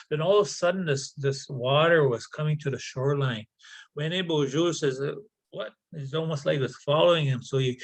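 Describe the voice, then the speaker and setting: A man telling a traditional story aloud, halting and often repeating words and phrases. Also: a little high, rough recording. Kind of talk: oral storytelling.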